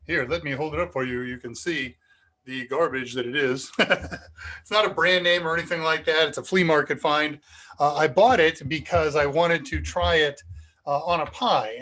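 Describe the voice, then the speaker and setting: A man's voice: on the high side, fairly bright tone. An American man hosting a live tech Q&A stream, chatting casually and rambling with frequent ums, speaking into a cheap USB microphone. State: slightly dizzy and foggy. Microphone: cheap USB desk microphone.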